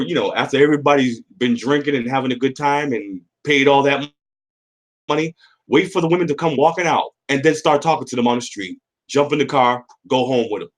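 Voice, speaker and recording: A man from the area, hosting a casual livestream chat, rambling, cursing and reading out chat comments. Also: medium pitch. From Boston area. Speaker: livestream host.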